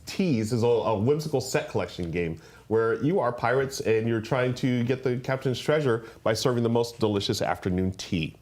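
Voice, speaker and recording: Animated male co-host, casual and upbeat, chats with viewers. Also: medium pitch, moderate pace, hardly any pauses. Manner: enthusiastic, lots of fillers, addresses folks. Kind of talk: casual live-stream chat.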